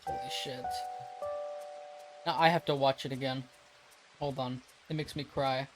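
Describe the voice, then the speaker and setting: A streamer on a live broadcast talks at a mid pitch in a loose, rambling way, laughing often and swearing freely. Faint music plays underneath. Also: steady tone, a little slow, rough recording. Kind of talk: casual live-stream chat while drawing.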